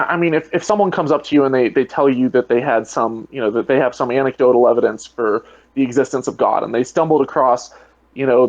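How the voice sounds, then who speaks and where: A man's voice: mid-range voice, no echo. Man, guest in an online debate, rambling, lots of fillers, dry muffled call audio. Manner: rambling, heavy on "you know" fillers. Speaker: guest, atheist video creator. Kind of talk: casual online debate chat.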